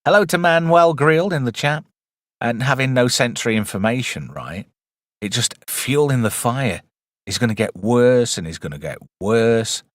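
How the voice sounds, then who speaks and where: A man's voice: medium pitch, expressive, moderate pace, dry recording. Wry man, dry close sound. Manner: chatty and wry, rambling with asides. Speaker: host of a live movie review stream. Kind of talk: casual live-stream film commentary.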